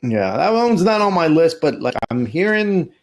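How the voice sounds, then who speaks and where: A man's voice: on the high side, big pitch swings, normal speed. A man co-hosting a podcast in casual chat, laughing often and restarting his sentences. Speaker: podcast co-host.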